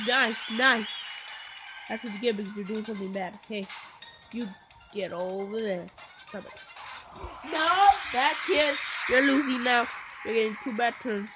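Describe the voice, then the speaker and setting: A woman giving live commentary on her own gameplay, excitable and full of playful trash talk and sudden shouts. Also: a little high, rough recording. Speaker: gameplay video host. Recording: game music playing behind. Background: game music.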